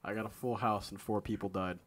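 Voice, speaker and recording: A young man co-hosting a podcast, cracking deadpan jokes and muttering low asides in casual chat. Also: brisk. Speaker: podcast co-host.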